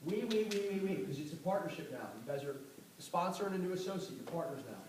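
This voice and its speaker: Man, sales trainer, fast and fired up, slightly high voice, recorded from afar in a very echoey room. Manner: energetic, repetitive, acts out sales dialogues. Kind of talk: motivational sales training talk. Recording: very echoey distant room recording with faint noise.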